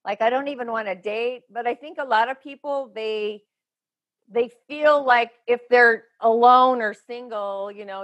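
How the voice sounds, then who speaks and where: A woman with a slightly raised pitch, speaking as a guest medium on a podcast. She talks in a chatty, emphatic and frank way, piling up loose phrases as she goes. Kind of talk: casual interview talk.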